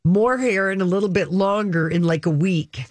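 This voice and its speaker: A woman co-hosts a radio entertainment show in a relaxed, gossipy way, trading celebrity news and quoting reviews. Her voice sits at a middle pitch and sounds close and dry. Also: normal speed, no echo. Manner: chatty, gossipy, reads out press quotes. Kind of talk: casual entertainment chat.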